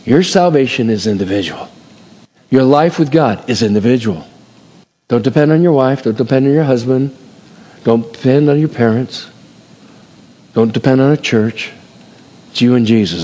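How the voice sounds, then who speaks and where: Expressive male preacher in a reverberant hall. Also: mid-range voice. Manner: expressive, swings between loud and hushed. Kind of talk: sermon.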